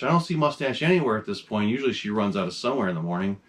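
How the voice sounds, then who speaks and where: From a desk in his home mask room, a man hosts a horror mask collection vlog, chatting casually, enthusiastic and rambling with plenty of fillers. His voice is on the low side, sing-song, and racing.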